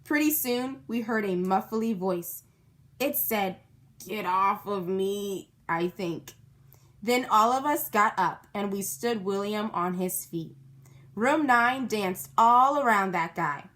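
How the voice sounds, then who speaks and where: A woman's voice: mid-range voice, lively intonation, slow, fairly bright tone. A woman reading a children's book aloud, stopping to explain words and ask her young listeners questions. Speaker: storybook reader.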